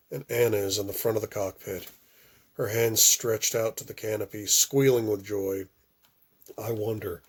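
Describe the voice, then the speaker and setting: Man, lowish voice, amateur audiobook reading, first person, soft phrase endings, a few restarts. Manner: reads with occasional stumbles and restarts. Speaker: audiobook reader.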